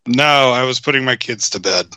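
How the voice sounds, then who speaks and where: Bright-voiced man with deadpan comebacks. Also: medium pitch, moderate pace, no room sound, low-quality recording. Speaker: podcast co-host. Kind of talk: casual podcast banter.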